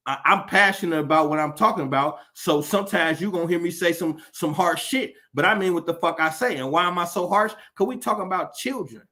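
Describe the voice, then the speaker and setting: Male commentator, high-pitched and bright, profane and impassioned, preaching in rhetorical questions. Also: a little fast, few pauses. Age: adult. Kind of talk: impassioned monologue.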